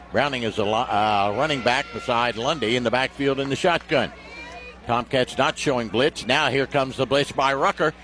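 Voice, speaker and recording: A man doing play-by-play commentary of a high school football game on radio, getting loud and excited on big plays. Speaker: play-by-play announcer.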